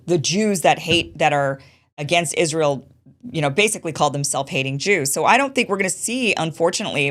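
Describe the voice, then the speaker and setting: A woman hosting a show, giving casual political commentary in a chatty, dismissive way and repeating her points. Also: deep voice. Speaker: show host.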